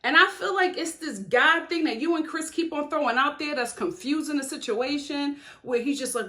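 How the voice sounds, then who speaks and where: A woman from Chicago delivers a heated, opinionated reality-TV recap straight to her viewers. She is sassy and animated, laughing often as she talks. Her voice sits somewhat higher than most women's. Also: fairly quick, few pauses.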